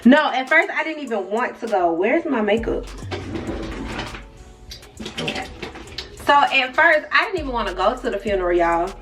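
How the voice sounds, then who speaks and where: A woman's voice: fairly high pitch, expressive, moderate pace, long pauses, fairly bright tone. A young woman vlogger telling a casual story, chatty and speaking straight to her viewers with side remarks. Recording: distant mic with faint music.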